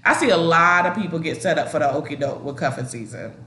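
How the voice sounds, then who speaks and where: Animated woman chatting in an echoey room. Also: low-pitched, quick pace. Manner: animated, acts out quoted voices, slangy. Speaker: therapist co-host. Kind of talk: casual podcast chat.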